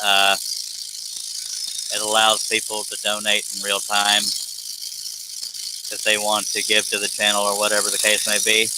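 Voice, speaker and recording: A man's voice: lowish voice, completely flat delivery, normal speed, pauses often, very noisy. A man hosting a woodworking live stream in casual chat, reading out viewer comments, joking and teasing, often laughing.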